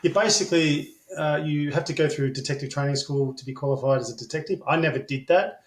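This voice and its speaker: A man's voice: a little high, quick pace. Australian man telling rambling stories. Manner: rambling, filler-heavy, blunt and swearing. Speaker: interview guest. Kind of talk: casual storytelling. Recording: echoey room.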